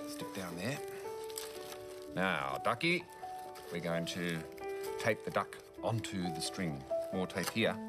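Slow, sing-song male children's presenter. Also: on the low side. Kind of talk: craft demonstration for young children.

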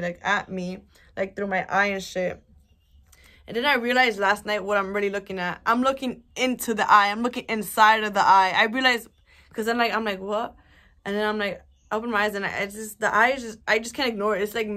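Rambling young woman telling a story. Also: mid-range voice. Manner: rambling, animated, swears a lot, many fillers. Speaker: vlogger. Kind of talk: casual storytelling to camera.

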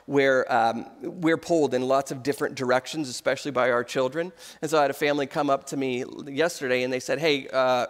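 A man in his thirties preaches a sermon as pastor, telling stories with easy humor. His voice sits a little high for a man. It carries a long reverb from a large sanctuary. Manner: storytelling with humor.

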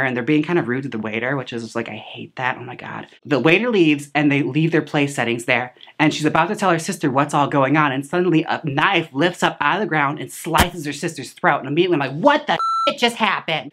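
A woman's voice: sits low, a bit bright. A woman hosting a casual movie recap, chatty and sassy, full of filler words and side remarks. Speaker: host reviewing a film.

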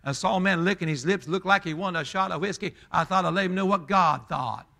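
A man putting on a fiery old Southern preacher with a Southern accent, thundering with a forceful, sharp edge to the voice. The pitch climbs high above his usual talk, and the delivery is old-time revival style. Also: a little fast, vocal fry, exaggerated voice. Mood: matter-of-fact. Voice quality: thundering, loud.

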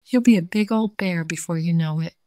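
A woman's voice: fairly low pitch, brisk, no room sound, studio quality, lightly acted. A woman doing a sad, wise old little dog. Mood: wistful. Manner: soft, sheepish, wistful.

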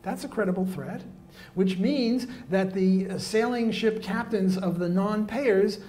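A man's voice: sits high, a little slow, a little mellow. A man giving a live economics lecture, blunt and jokey, with many fillers and restarts.

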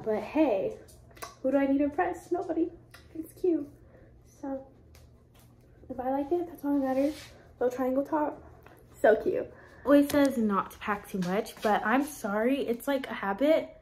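A woman's voice: high voice, a little hiss or hum. A young woman vlogging in a casual, chatty way, rambling with lots of "like" and "um", her nose stuffy and congested. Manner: chatty, gushing, rambling with many likes and ums. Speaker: lifestyle vlogger. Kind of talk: casual chat. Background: loud music.

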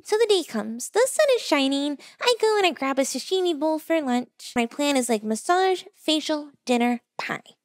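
A young adult woman telling a funny personal story in a casual, animated, self-deprecating way, acting out what people said. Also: sits high, normal speed, few pauses, no room sound, clean studio sound. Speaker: vtuber storyteller.

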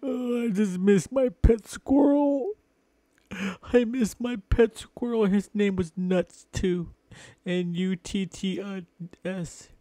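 A man voicing a grown man who wails in a high, sobbing falsetto over a lost pet. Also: extremely slow, long pauses, dark tone. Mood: mock grief.

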